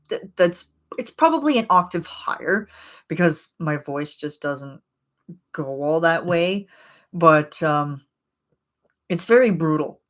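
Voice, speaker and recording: Low-voiced, rambling woman streamer. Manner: rambling and chatty, with frequent fillers and laughs. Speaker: livestream host. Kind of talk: casual livestream chat.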